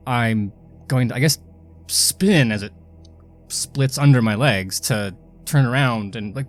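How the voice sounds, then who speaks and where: A man's voice: medium pitch, unhurried, pauses often, faint music behind. Plain-voiced man playing a tabletop game. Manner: matter-of-fact, thinking aloud. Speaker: player.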